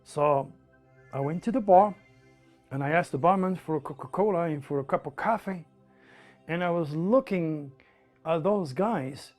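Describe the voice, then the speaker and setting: A man from France with a French accent, telling a personal story in an animated, emphatic way. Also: fairly high pitch, normal speed, pauses often, soft background music. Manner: animated, emphatic, with repetitions and laughs.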